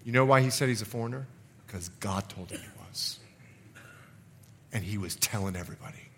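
A middle-aged man, a pastor, preaching a sermon in an animated way, acting out quotes and laughing often. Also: lowish voice, a little fast, pauses often, breathy edge.

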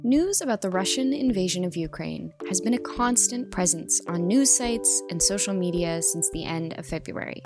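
A woman presenting a scripted news commentary in a measured, explanatory way. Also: lowish voice, animated, loud music behind the voice.

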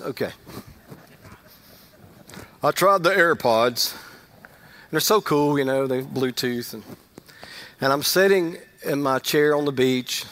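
A middle-aged male pastor giving a conversational sermon, rising to loud emphasis and dropping to quiet asides. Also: a little high.

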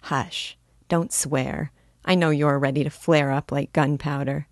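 A woman voicing a frank, cautious young woman in an audiobook reading, measured and gently firm. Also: sits low, steady tone, dry recording, studio quality.

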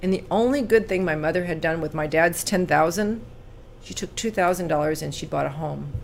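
A woman in her sixties from California recounts her past as an interview guest. Her low voice has a gravelly edge, and she turns earnest and lively in the telling, then goes quiet on the painful parts. A faint noise sits under the recording. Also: brisk. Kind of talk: personal storytelling in an interview.

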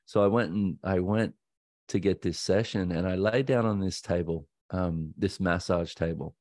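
A man with an Australian accent hosting a podcast, telling a personal story in a candid, halting way that often stops to correct himself. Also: low voice, darkish tone, no echo, clean studio sound. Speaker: podcast host.

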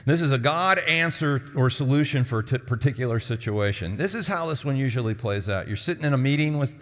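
As lead pastor, a man preaches a sermon in a conversational, storytelling style, acting out the people in his stories. His mid-range voice is expressive and a little fast. A long hall reverb surrounds the recording.

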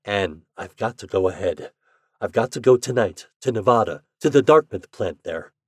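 A man's voice: lowish voice, expressive, normal speed, slightly rough, no echo, studio quality. Man voicing a determined young journalist. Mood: urgent. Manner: earnest, insistent.

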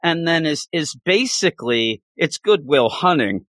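A man hosting a casual podcast chat about a book, animated and acting out character lines. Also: fairly high pitch, a little slow, no echo. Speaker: podcast host discussing a book.

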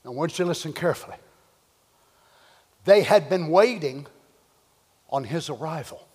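A man preaching a sermon, moving from hushed whispers to shouted cries as he acts out the voices he quotes. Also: on the high side, expressive, moderate pace, breathy edge, long reverb tail. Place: church.

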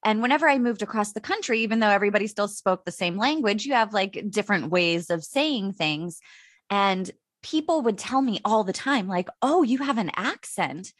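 Lively, laughing American woman host. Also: mid-range voice, fairly quick, dry recording, studio quality. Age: 30s. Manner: casual, swears, laughs a lot. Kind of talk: casual chat.

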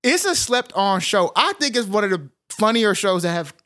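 A man's voice: sits high, big pitch swings, moderate pace, pushed and bright. A man co-hosting a podcast in casual chat, playful and jokey, with a slight lisp on his R sounds. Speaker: podcast co-host.

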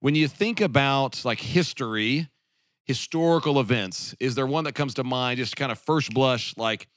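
A man hosting a relaxed podcast conversation, talking in loose, rambling bursts with plenty of restarts and easy laughter. His voice sits at an ordinary middle pitch, recorded close and dry with no room sound. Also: normal speed, no room sound. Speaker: podcast host. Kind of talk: casual chat.

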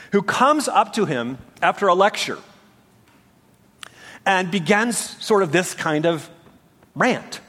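In the echoing hall of a church sanctuary, a pastor delivers an earnest sermon in a somewhat high, bright, husky voice. He preaches emphatically and poses rhetorical questions.

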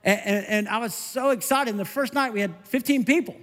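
A middle-aged male pastor preaching a conversational, animated sermon. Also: extremely high pitch, brisk, long reverb tail. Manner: conversational, animated, self-interrupting with laughs.

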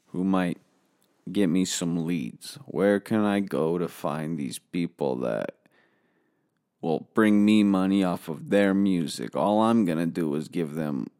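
Slow, gravelly-voiced boastful man. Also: low voice, mellow. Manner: boastful and rambling, swears freely. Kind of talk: comedic storytelling monologue.

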